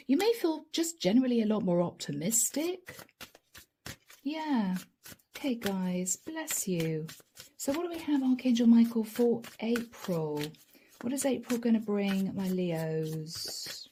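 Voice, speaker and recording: A woman's voice: a little high, big pitch swings, unhurried, dark tone, a little hiss or hum. A middle-aged woman giving a channeled tarot reading to camera, chatty and addressing her viewers directly. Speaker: tarot reader.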